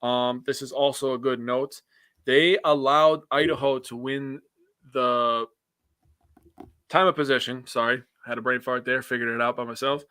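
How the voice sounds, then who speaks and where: A man co-hosting a laid-back sports podcast, reading football stats with halting pauses and joking between them. His voice is bright, and the sound is close and dry. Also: medium pitch, fairly even intonation, clear, resonant tone, no echo. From United States. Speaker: podcast co-host. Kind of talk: casual sports talk chat.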